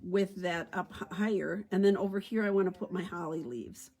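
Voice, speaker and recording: A woman's voice: fairly low pitch, fairly even intonation, normal speed, darkish tone, slightly rough. A woman giving a chatty card-stamping tutorial, thinking aloud as she works. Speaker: stamping demonstrator. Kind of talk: craft tutorial demo.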